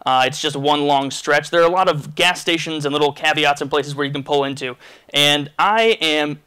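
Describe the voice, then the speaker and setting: A man telling a crude, rambling story in a casual vlog, animated and full of restarts. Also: on the high side, normal speed, clean tone. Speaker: vlogger.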